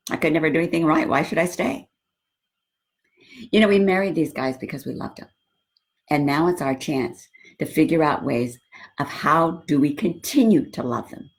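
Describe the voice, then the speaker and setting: Low-voiced chatty Christian marriage coach woman. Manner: chatty, animated storytelling with quoted dialogue. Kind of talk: casual talk to women viewers.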